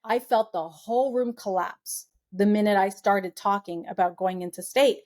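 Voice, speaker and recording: Middle-aged woman, podcast guest, animated storyteller, mid-pitched, voices the people she quotes. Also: moderate pace. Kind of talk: conversational storytelling.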